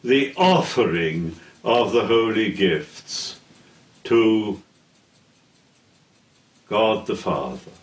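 An older man giving a theology lecture in a deliberate, solemn way, pausing between phrases. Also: on the low side, big pitch swings. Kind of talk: slow measured theology lecture. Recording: echoey room, heard from a distance.

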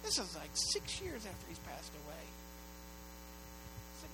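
A middle-aged man pastor preaching a sermon, moving between hushed storytelling and loud, urgent appeals to the congregation. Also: sits high, huge pitch swings, moderate pace, very noisy.

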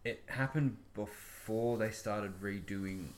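A man's voice: on the low side, slow pace, a little hiss or hum. A man in a casual chat, trading dry, sarcastic quips. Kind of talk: casual chat about film trailers.

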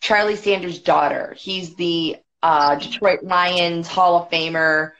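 Chatty woman guest with a lowish voice, quick storytelling full of "like", muffled lo-fi podcast sound. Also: steady tone, fairly bright tone. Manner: chatty, quick, many "like" fillers. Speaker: podcast guest, boxing federation executive. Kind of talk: casual storytelling. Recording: dull lo-fi podcast audio.

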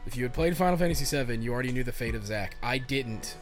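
A man co-hosting a podcast, talking excitedly about games with lots of fillers and casual swearing. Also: medium pitch, quick pace, over music. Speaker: podcast co-host. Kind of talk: casual chat.

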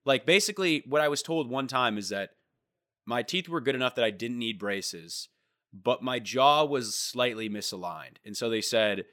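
A man co-hosting a casual podcast chat, telling stories in an animated, swearing way. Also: medium pitch, normal speed.

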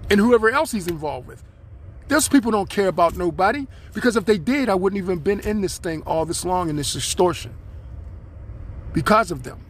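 A man's voice: high voice, animated, fairly quick, slight background noise. A man hosting his own podcast, speaking, in a rambling, aggrieved monologue aimed straight at his listeners. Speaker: podcast host.

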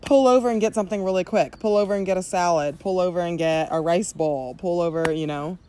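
A woman's voice: lowish voice, fairly quick, warm tone. A young woman from Southern California co-hosting a podcast, chatting casually outdoors in a backyard with lots of fillers and laughter. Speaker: podcast co-host. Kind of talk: casual chat.

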